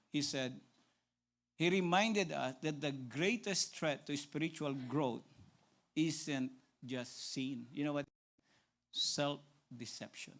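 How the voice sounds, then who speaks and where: A male pastor with a Filipino accent preaching a sermon, emphatic and repetitive, often asking "right?" and dropping to a hushed, pleading tone. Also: on the high side, creaky. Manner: emphatic, repeats phrases, asks "right?" often; shifts between loud preaching and hushed pleading.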